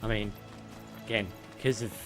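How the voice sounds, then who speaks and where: A man's voice: fairly low pitch, level tone, normal speed, music in the background. A man with a British accent giving casual live commentary over a game, chatting with viewers and swearing freely. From United Kingdom. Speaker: game streamer.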